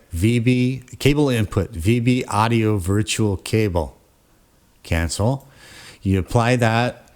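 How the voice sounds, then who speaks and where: A man hosting a casual software tutorial, rambling through the steps with frequent fillers and self-corrections, recorded at his home computer setup. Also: on the low side. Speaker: tutorial host.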